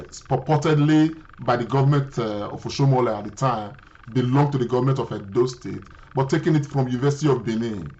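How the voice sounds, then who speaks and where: This male show host talks at an ordinary pitch, pausing often and correcting himself as he sets up a story. The recording sounds slightly muffled and lo-fi. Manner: hesitant, many fillers and self-corrections. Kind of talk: talk show commentary.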